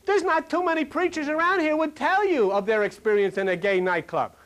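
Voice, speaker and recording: High-pitched folksy preacher man. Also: brisk, slight background noise. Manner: folksy storytelling, asks the audience questions; swings between loud and dropping to a low murmur. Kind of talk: sermon. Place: hall before a live congregation.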